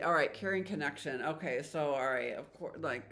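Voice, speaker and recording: Tarot reader, woman, rambling and heartfelt, bright clear tone. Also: low voice, normal speed, faint music behind. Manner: chatty, rambling, emotional, spiritual. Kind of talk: casual tarot reading to viewers.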